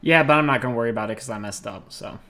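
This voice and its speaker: A man with a Southern American accent, game master of an online tabletop game, relaxed and muttering to himself as he moves tokens. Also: mid-range voice, very fast.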